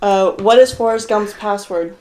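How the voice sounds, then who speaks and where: A woman's voice: medium pitch, unhurried, a little mellow, poor audio. A woman in a casual chat among friends, telling short dad jokes with brief, playful replies.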